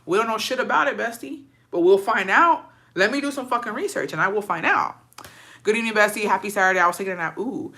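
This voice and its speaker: A woman's voice: medium pitch, expressive, fast, bright, forceful tone. A woman from Texas chatting casually on a livestream with viewers, gossiping and swearing freely and slipping Spanish phrases into her English.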